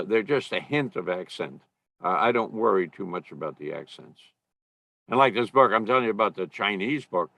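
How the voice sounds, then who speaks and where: A man who works as an audiobook narrator, talking as a guest in a podcast interview in a halting way, with many restarts and fillers. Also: on the low side, a bit bright, dry recording.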